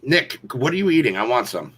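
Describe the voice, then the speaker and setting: A man's voice: mid-range voice, sing-song, a little fast, a bit bright, slight background noise. A man co-hosting a live chat show, joking lightly and apologizing for going off topic, on a video call. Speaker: co-host of a live paranormal show. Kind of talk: casual livestream chat.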